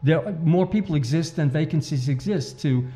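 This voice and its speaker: A man's voice: a little high, normal speed, warm tone. A man appearing as an author and activist guest, talking earnestly and emphatically and repeating his main points. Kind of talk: interview talk.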